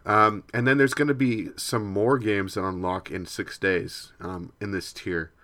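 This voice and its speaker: A man's voice: lowish voice, fairly even intonation, measured pace, bright, forceful tone. A man co-hosting a casual podcast, talking in an easygoing way with lots of filler words. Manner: easygoing, lots of ums, reads news aloud. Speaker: podcast co-host.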